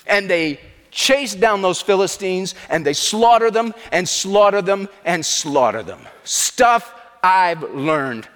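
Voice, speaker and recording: A male preacher telling a story in an animated, dramatizing way during a revival sermon. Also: takes it slowly, long reverb tail. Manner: animated, dramatizing, shifts pitch for effect.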